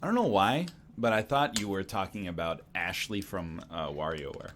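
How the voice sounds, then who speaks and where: A man's voice: low-pitched, expressive, moderate pace, a bit bright, slight background noise. A man hosting a casual gaming stream, joking around with friends. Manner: joking, sings snippets. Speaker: streamer host. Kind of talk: casual chat.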